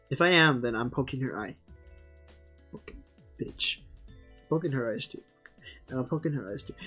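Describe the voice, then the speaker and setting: A game streamer commentating casually on a story game, joking, swearing and quickly apologizing. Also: medium pitch, breathy edge. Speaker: let's play streamer. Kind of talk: casual gameplay commentary and reading aloud.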